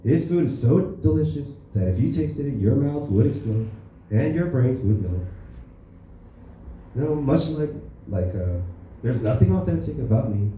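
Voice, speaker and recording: A man's voice: mid-range voice, lively intonation, unhurried, mellow, a little hiss or hum, lightly acted. A man doing a stand-up impression of a boastful, crude older male politician, brash and rambling, at an open mic. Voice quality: brash, rambling, self-important. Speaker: stand-up comedian. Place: comedy club open mic. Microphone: stage microphone. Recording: echoey room from far off.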